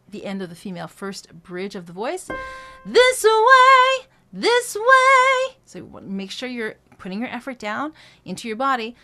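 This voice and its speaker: In a mid-range, slightly bright voice, a female vocal coach gives a singing lesson, walking through each phrase note by note. Her manner is conversational and step-by-step, with frequent "right?" and "um."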